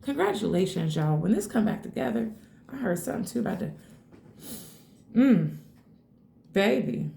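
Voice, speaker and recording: Gravelly-voiced woman reading tarot, excitable. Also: mid-range voice, moderate pace, long pauses. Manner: excitable, swears freely, addresses viewers as y'all. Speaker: tarot reader. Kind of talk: casual tarot reading to camera. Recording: echoey room.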